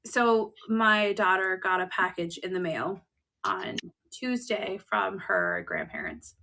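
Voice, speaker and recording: A woman's voice: medium pitch, big pitch swings, slow, gravelly, noisy background. A woman with a Canadian accent co-hosting a podcast, telling a story in casual chat and acting out quotes with laughter. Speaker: podcast co-host.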